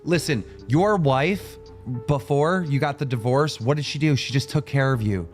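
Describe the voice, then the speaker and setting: A man's voice: medium pitch, moderate pace, faint music behind. A man hosting a live stream, lecturing a guest in a blunt, profane way. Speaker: stream host. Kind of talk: confrontational live stream talk.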